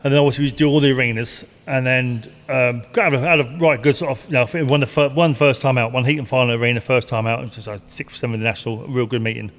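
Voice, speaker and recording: A man's voice: medium pitch, steady tone, fast talker, hardly any pauses. An older man, a retired stock car driver, telling rambling racing stories with laughs and swearing. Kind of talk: casual storytelling interview. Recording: long hall reverb.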